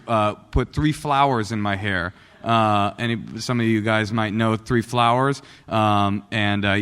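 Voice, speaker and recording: A man in his forties from Oakland gives a personal recovery talk to a live audience. He tells it as a joking, self-deprecating storyteller at a middle pitch. The voice carries a long reverb from a meeting hall. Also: fairly bright tone, clear, resonant tone. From Oakland, California. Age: 40s. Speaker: guest speaker at a recovery meeting.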